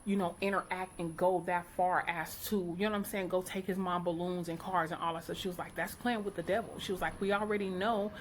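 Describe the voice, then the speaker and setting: Outspoken storytelling mother, lowish voice. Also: fairly quick, few pauses, slight background noise. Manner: animated, outspoken, quotes people in character. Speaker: vlogger, mother. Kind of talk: casual storytelling to viewers.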